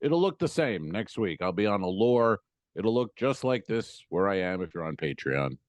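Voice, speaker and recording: A man co-hosting a comedy podcast in casual chat, laid-back and quick to laugh. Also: lowish voice, sing-song, dry recording. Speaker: podcast co-host.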